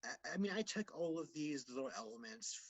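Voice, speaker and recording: A man who is a guest on a podcast, talking casually in a halting, thoughtful way with many pauses. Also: fairly high pitch, animated, gravelly. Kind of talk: casual interview chat.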